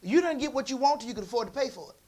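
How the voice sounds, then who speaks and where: A man's voice: extremely high pitch, lively intonation, racing. Folksy preacher man telling a story. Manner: conversational, folksy, swings between soft asides and emphatic bursts. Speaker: pastor. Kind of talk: storytelling sermon.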